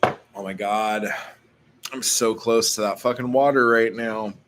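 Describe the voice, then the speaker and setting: A man's voice: lowish voice, steady tone, unhurried, very noisy. A man vlogging casually, rambling through a story full of filler words and swearing.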